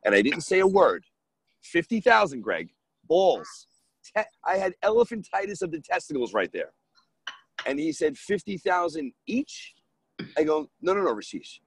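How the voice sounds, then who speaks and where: A man's voice: on the high side, normal speed, breathy edge, low-quality recording. A man from New York, a real estate investor, telling a deal story as a podcast guest and acting out the dialogue. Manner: animated, acts out dialogue in his story.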